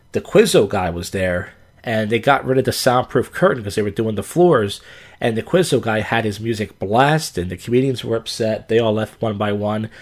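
A man hosting his own podcast, telling stories in a rambling, casual monologue full of fillers and blunt, profane asides. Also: medium pitch. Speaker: podcast host.

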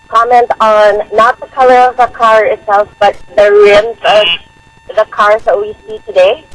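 A woman's voice: on the high side, a bit bright, poor audio. A woman calling in to a radio show, speaking politely and a bit hesitantly. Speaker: caller. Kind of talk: phone-in comment on radio.

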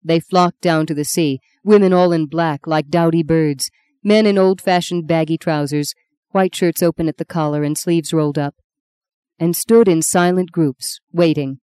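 A woman narrating a novel in a measured, solemn storytelling manner. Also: sits low, steady tone, mellow, clean tone, no echo. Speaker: audiobook narrator. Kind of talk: scripted literary narration.

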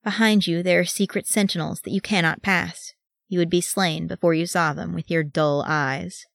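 Lady doing a snooty elf guard, slow and cold, raised voice, dry close mic. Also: on the low side, steady tone, gravelly, dry recording. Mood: stern. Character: stern, haughty male elf guard.

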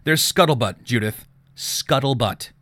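A man voicing a hyper, teasing teenage boy who talks in a loud, excitable way, reading an audiobook. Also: mid-range voice, a little slow, dry recording, lightly acted.

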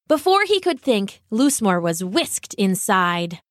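Expressive, slow woman storyteller. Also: medium pitch, no room sound, studio quality. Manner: expressive, gentle, unhurried. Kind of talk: scripted storybook narration.

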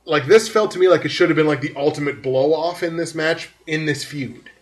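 A man's voice: a little high, brisk. A man hosting a podcast, giving a rambling, filler-heavy breakdown in casual chat. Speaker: podcast host.

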